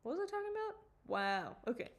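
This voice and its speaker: A woman's voice: high-pitched, big pitch swings, fast. Giggly, rambling woman streamer. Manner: rambling, giggly, swears freely. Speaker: animator livestreaming her work. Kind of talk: casual livestream chat. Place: home studio at a computer.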